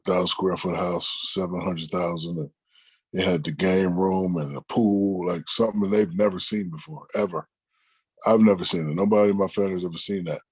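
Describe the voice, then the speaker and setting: A middle-aged man, an interview guest, telling stories in a relaxed, conversational way and acting out the people he quotes. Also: sits low, husky, no echo. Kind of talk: casual storytelling.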